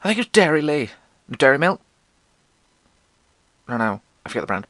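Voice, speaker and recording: A young male podcast host tells funny stories from school in a loose monologue, cursing, poking fun at himself, and using squeaky voices to quote others. His fairly bright voice swings widely in pitch at a moderate pace, with no room sound.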